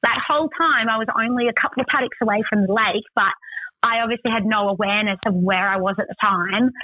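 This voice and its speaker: Bright chatty Australian woman. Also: medium pitch, quick pace, dry recording, dull audio. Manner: chatty, many "like" fillers. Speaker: guest. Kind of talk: casual storytelling.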